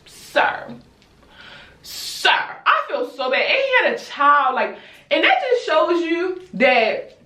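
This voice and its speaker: A young woman from Baltimore chatting casually with viewers while she does her hair, animated and blunt, calling them y'all and swearing freely. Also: high-pitched, takes it slowly. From Baltimore, USA. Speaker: YouTuber. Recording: roomy echo, distant mic.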